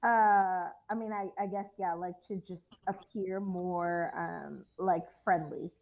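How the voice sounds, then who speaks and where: A woman's voice: lowish voice, fairly even intonation, slow pace, vocal fry, darkish tone, rough recording. A woman player in a tabletop game, describing her character hesitantly with many fillers.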